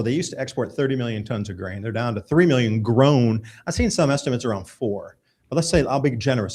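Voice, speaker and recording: A man's voice: mid-range voice, darkish tone. A man hosting a live radio show, talking casually and emphatically while walking through news articles. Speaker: host.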